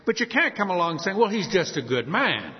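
Man preaching, high lively voice, echoing hall, dull lo-fi sound. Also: brisk. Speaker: pastor. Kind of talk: sermon.

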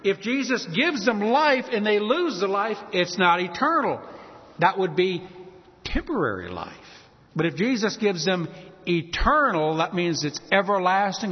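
Animated preacher in a reverberant hall. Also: male voice, sits high. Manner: emphatic, rising on key words. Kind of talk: sermon. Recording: dull sound with long hall reverb.

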